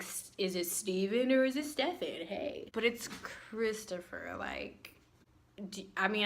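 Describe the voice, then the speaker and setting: Young woman vlogger with a bright, crisp voice, sarcastic storyteller who mimics people she quotes. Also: on the high side, a little hiss or hum. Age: young adult. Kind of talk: casual storytelling vlog.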